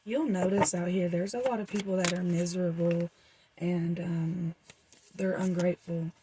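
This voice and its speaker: A woman's voice: on the low side, fairly even intonation, moderate pace, background noise. A young woman doing a casual, rambling tarot reading for her viewers, with frequent fillers. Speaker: tarot reader.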